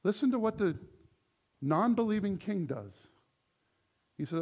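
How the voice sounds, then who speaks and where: Gravelly-voiced male pastor preaching. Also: high-pitched, a little slow. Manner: animated preaching, acts out quoted voices. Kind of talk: sermon.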